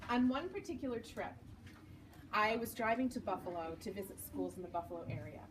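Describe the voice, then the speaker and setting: A woman's voice: mid-range voice, brisk. A woman in her forties, an author giving a storytelling talk in a bookstore, acting out the lines she quotes and laughing at herself. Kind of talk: storytelling talk to a live audience. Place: bookstore event space. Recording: distant mic with noticeable background noise.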